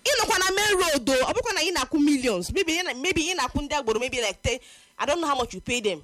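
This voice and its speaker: A Nigerian woman co-hosting a casual chat, talking in an animated, indignant way. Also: high voice, fast, dry recording. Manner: animated, indignant, mixing languages.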